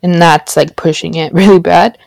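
A woman's voice: lowish voice, fairly even intonation, moderate pace, vocal fry, a little mellow, no echo. A young woman in a casual chat, often laughing through her words.

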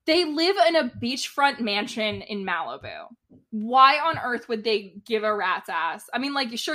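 Woman, podcast co-host, casual chat, bright voice, slightly high pitch, chatty, laughs a lot. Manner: chatty, laughs often, many "like" fillers.

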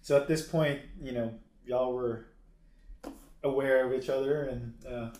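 A man's voice: medium pitch, fairly even intonation, unhurried, darkish tone. A man interviewing, mostly giving short encouraging replies and questions. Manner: brief backchannel replies. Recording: roomy echo.

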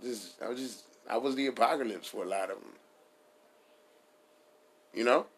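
A man's voice: mid-range voice, moderate pace, slight background noise. A man riffing in a casual comedic style, rambling and profane, laughing at his own jokes.

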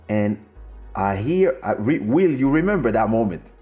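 A man's voice: fairly low pitch, very animated, moderate pace, mellow, roomy sound, soft background music. A man hosting a podcast who tells a story casually, laughing often, swearing freely and turning to address a friend. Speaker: podcast host. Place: home studio during a live stream.

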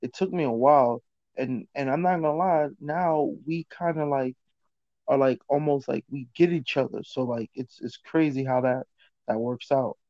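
A man in casual chat, telling stories in an animated, slangy way with lots of fillers. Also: medium pitch, moderate pace, no echo. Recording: dull, dry sound.

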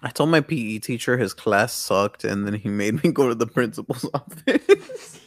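A man's voice: mid-range voice, normal speed, dry recording. A young man in his late teens co-hosting a podcast, telling profane stories in casual chat and laughing a lot. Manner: animated, profane storytelling with frequent laughter. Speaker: podcast co-host.

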